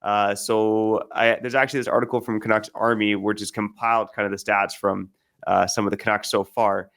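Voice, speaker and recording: A man's voice: on the low side, flat delivery, brisk, creaky, a bit bright. A man co-hosting a sports podcast, talking in a casual, easygoing way with frequent hesitations. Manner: easygoing, hesitant with many fillers. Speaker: podcast co-host.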